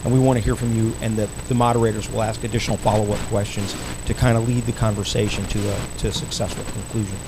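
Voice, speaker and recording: A man's voice: on the low side, level tone, fast, hardly any pauses, background noise. A man organizing a candidate forum, giving loose, rambling announcements with many restarts. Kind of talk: casual announcements.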